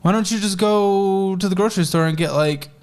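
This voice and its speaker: A man hosting a chat show, going over a guest's bank statements in a blunt, teasing way. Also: sits high. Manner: blunt, teasing, quick with numbers. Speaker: host reviewing a guest's finances.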